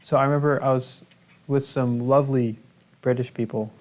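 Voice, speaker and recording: A man's voice: mid-range voice, steady tone, moderate pace, a little mellow. A man co-hosting a livestream in casual chat, reading viewer comments aloud and bantering playfully.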